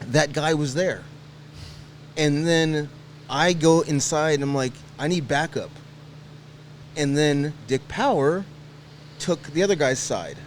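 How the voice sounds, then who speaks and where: Podcast guy telling a story fast, bit of a higher voice, faint hiss behind. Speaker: podcast guest. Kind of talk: casual storytelling.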